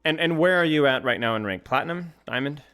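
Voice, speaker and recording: A man's voice: fairly high pitch, lively intonation, quick pace, sharp tone, clean tone. A man coaching a player in a casual chat, joking and teasing as he goes. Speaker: game coach.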